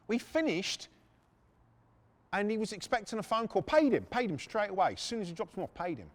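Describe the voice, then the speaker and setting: A man's voice: high-pitched, sing-song, fast talker. A middle-aged man, telling crude, profane stories on his podcast with lots of fillers. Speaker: podcast host. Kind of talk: anecdotal storytelling.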